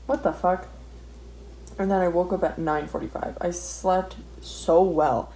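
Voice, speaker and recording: A young woman with a slightly low voice rambles casually as she draws, swearing freely and running herself down. A faint hiss sits under her voice. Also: fairly even intonation, measured pace, warm tone. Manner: swears a lot, rambling and self-deprecating. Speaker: art vlogger. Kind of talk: casual ranting while drawing. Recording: faint background noise.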